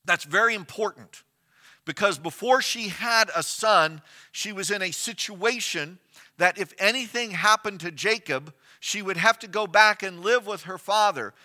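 A man preaching a sermon as pastor, retelling a scripture story with rhetorical questions and shifts between loud and soft emphasis. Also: high voice, unhurried.

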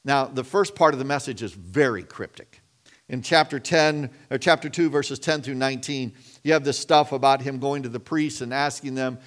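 A man's voice: mid-range voice, fairly bright tone. A middle-aged man preaching a sermon in a conversational way, often repeating and restarting his words. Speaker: pastor.

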